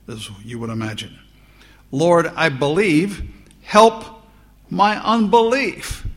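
A man preaching a sermon, teaching slowly through Bible verses and lifting his voice on the quoted lines. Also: sits high, vocal fry, sharp tone. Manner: slow, deliberate Bible teaching with rising emphasis on quotes.

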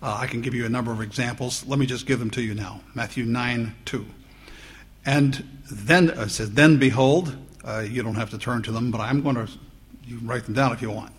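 A man preaching a sermon, teaching slowly through Bible verses and lifting his voice on the quoted lines. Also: medium pitch, steady tone, slightly rough. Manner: slow, deliberate Bible teaching with rising emphasis on quotes.

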